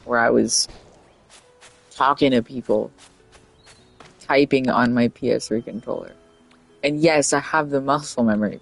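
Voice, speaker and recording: A man's voice: mid-range voice, gravelly, a bit bright, dry recording. A young man streaming a video game, chatting in a rambling, jokey way and laughing often. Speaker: livestreamer. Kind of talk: casual gameplay commentary. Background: faint game music.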